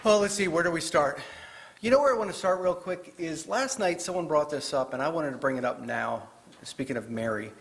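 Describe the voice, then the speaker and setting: A man's voice: a little high, brisk, vocal fry, a bit bright. A man giving a chatty, joking talk as a guest author to a live audience in a parish hall. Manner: chatty, joking, with fillers and restarts.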